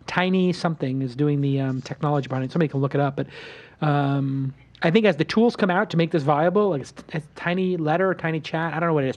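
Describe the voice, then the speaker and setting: A man's voice: on the high side, lo-fi sound. A man hosting a casual roundtable talk show, telling stories with boastful energy and acting out what others said. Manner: boastful, animated storytelling with acted-out quotes. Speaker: podcast host.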